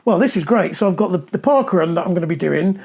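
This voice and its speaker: Man, middle-aged, high voice, chatty, rambling storyteller, casual podcast talk. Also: animated, fast, gravelly, a little mellow. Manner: chatty storyteller, many ums. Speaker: podcast co-host. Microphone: clip-on mic with clothing rustle.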